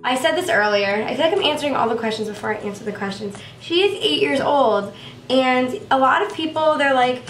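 A woman's voice: high voice, fairly quick, a bit bright, reverberant, recorded from a distance, faint music behind. Chatty young woman vlogging about her dog. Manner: gushing, chatty, many fillers. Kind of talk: casual chat about her pet.

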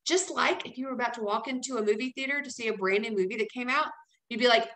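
A woman's voice: fairly high pitch, quick pace, a bit bright, reverberant, low-quality recording. A woman leading a casual training talk, chatty and encouraging, often checking in with "okay?". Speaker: team leader training new sellers.

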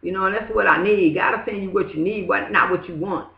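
A woman's voice: mid-range voice, quick pace, creaky. A woman shares a loose, rambling testimony, leaning constantly on "you know" and "you know what I'm saying". Her voice bounces around a roomy space. The recording is dull and lo-fi. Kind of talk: casual spoken testimony. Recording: echoey, dull lo-fi room sound.

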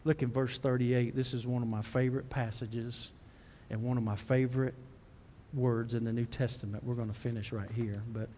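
A man preaching a sermon as pastor, folksy and direct with the congregation, building to impassioned high preaching. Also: little pitch movement, moderate pace, warm tone, long reverb tail, a little hiss or hum. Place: church sanctuary.

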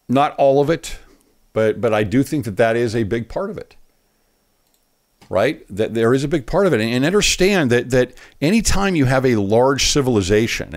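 Earnest man preaching over a clip. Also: lowish voice. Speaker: online commentator. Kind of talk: commentary over a speech clip.

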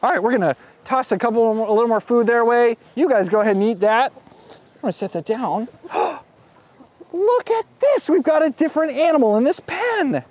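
A man hosting a children's show outdoors at a farm pen, excitable, gasping and making sing-song animal sounds as he talks to young kids. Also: extremely high pitch, a little fast.

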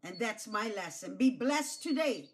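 A woman pastor giving an object lesson to children, slow and emphatic, repeating key phrases and coaxing them to say them back. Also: mid-range voice, animated. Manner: coaxes children to repeat after her.

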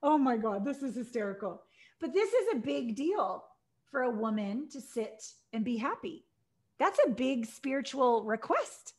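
A woman's voice: on the high side, lively intonation, normal speed, a little mellow. A woman hosting an interview podcast, engaged and affirming with frequent murmurs as she asks questions. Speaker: podcast host. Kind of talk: conversational interview.

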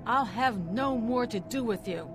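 A man's voice: extremely high pitch, unhurried, over music. A man voicing a stern male guild fighter in a fantasy video game, speaking in curt, disapproving declarations.

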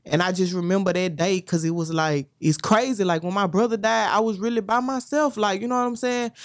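A woman's voice: medium pitch, fairly even intonation, a little fast, no echo, clean studio sound. A woman from Baton Rouge, a guest telling a hard personal story in a blunt, profane way, often checking in with the listener. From Baton Rouge, Louisiana. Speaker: guest musician.

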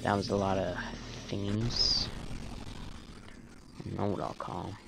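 A man's voice: low voice, level tone, measured pace, gravelly, heavy background noise. A man in a put-on British accent gives rambling let's-play commentary and talks to the enemies on screen. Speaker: gamer. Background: game music.

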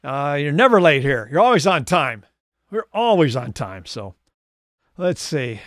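Between crooned songs on his live lounge stream, a host and singer chats ramblingly with viewers and laughs a lot. His voice is fairly high and fairly bright, very animated yet a little slow, captured dry and at studio quality.

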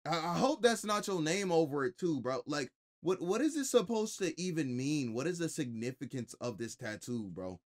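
A man's voice: a little high, sing-song, moderate pace, hardly any pauses. A man streaming a reaction to a video, talking bluntly and mockingly with lots of profanity. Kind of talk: casual reaction commentary.

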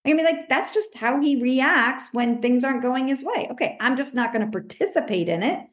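A woman life coach talking in a casual interview, animated, acting out her own self-talk in a higher voice. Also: moderate pace, roomy sound. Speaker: life coach, podcast guest.

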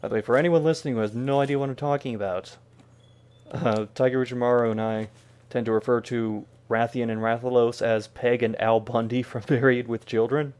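A man in the middle range of pitch talks his way through a video game stream. He mutters to himself with a wry edge and drops joking asides as he plays. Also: steady tone, a little fast, darkish tone, clear, resonant tone. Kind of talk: casual gameplay commentary.

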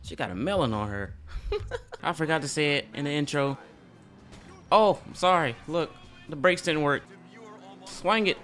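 A man giving casual, excitable gameplay commentary as a gaming YouTuber, often breaking into loud laughter. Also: a little high, moderate pace, faint music behind.

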